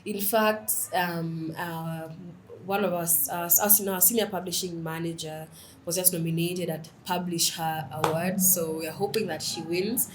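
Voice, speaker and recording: In a voice pitched a little low for a woman, a young writer chats casually as a podcast guest at a measured pace. She relishes telling stories in a lively, animated way and slips Swahili phrases into her talk. Faint noise hums in the background.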